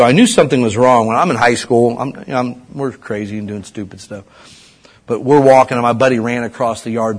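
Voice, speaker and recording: A middle-aged man from Ohio preaching a sermon as pastor, swinging from loud urging to hushed asides. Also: mid-range voice, slightly rough.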